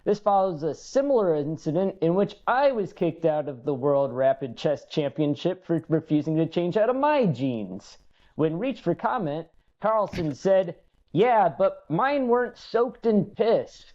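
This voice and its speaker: A man's voice: on the high side, lively intonation, moderate pace, a little mellow, highs cut off. A male comedian reading monologue jokes, stumbling over words and chuckling into his punchlines. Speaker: comedian guest.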